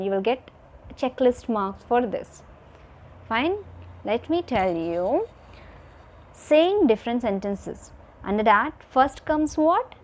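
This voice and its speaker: A woman's voice: on the high side, a little mellow. A woman teacher giving a recorded video lesson to children, repeating each point and checking in with "fine" and "okay".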